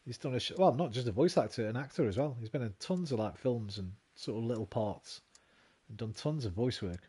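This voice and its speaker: A man doing casual game commentary, joking his way through on-screen text. His husky voice swings up and down a lot. He trips over long words as he reads them aloud. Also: medium pitch, expressive, brisk, mellow. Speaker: game streamer.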